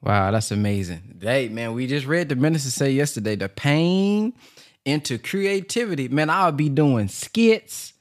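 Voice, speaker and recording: A man hosting a call-in program, talking in an animated, enthusiastic, casual way with slang. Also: medium pitch, unhurried, no room sound, studio quality. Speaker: host.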